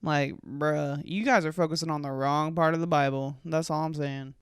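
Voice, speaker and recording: Twenty-something american girl ranting on her pod, lots of likes and swearing, crisp voice, dead dry mic. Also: low voice, fairly even intonation, moderate pace, no echo. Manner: rambling, sweary, filler-heavy, sarcastic. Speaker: podcast host. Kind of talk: casual solo podcast chat.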